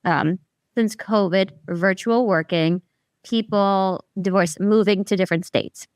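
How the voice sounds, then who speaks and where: Smooth-voiced woman hosting a podcast. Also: mid-range voice, fairly even intonation, unhurried, no echo, studio quality. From New Jersey. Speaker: podcast host. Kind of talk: casual podcast interview.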